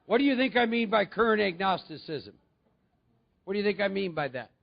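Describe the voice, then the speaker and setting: A man speaks to a recovery meeting in a conversational way and often asks his listeners questions. His voice sits high and has a gravelly edge. The recording sounds dull and lo-fi. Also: animated, brisk.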